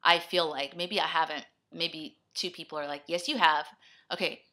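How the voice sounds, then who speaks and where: A young woman talking straight to camera in a rambling personal vlog. Her voice is bright and forward, and her speech comes in scattered, self-deprecating bursts. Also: low voice, fairly even intonation, moderate pace. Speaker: vlogger. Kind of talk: rambling personal video blog.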